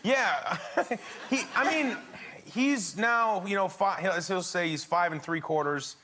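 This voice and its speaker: A man's voice: high-pitched, takes it slowly, bright, forceful tone. A man who is a talk show guest, chatting casually and telling an anecdote with frequent laughter in a TV studio. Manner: laughing often while telling a story. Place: TV studio with audience.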